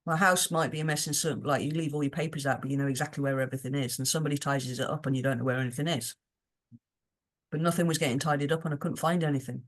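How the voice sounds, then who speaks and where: A woman's voice: sits low, fairly even intonation, rapid-fire. British woman rambling on a podcast, earnest, keeps restarting her sentences. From United Kingdom. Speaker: podcast guest. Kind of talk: casual podcast chat.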